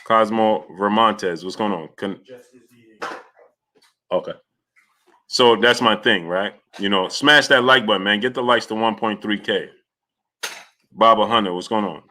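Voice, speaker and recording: A boxing talk show host runs a live stream, chatting casually and greeting viewers by name. His lowish, sharp voice is unhurried, with long pauses, and he rambles loosely with many fillers and restarts.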